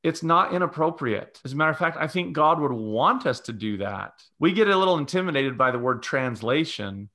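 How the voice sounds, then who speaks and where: Bright-voiced man giving teacherly advice. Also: fairly high pitch, animated, a little fast, few pauses. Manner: teacherly, lays out numbered steps. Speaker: guest religious educator. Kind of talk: podcast conversation.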